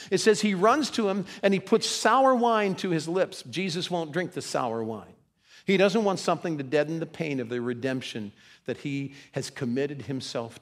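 A man preaching a sermon as pastor, acting out quoted voices with big pitch swings. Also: in a large hall.

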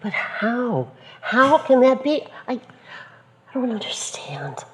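A woman's voice: mid-range voice, lively intonation, takes it slowly, darkish tone, roomy sound. A woman acting a troubled wife who asks short anxious questions in a church drama.

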